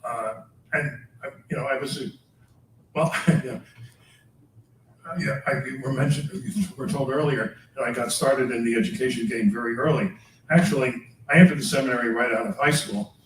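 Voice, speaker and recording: An older man who is a priest gives a lecture to teachers, speaking in a mid-range voice in a chatty way, chuckling often and sharing personal anecdotes. He tags his points with quick questions like "all right?" The mic is far off in an echoey room, with a little hiss or hum.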